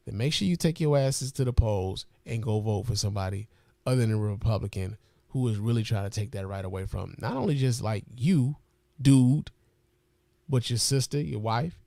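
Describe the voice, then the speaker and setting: A man's voice: mid-range voice, creaky, darkish tone, no echo, clean studio sound. Blunt, profane man hosting a talk show. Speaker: podcast host. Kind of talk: casual political talk.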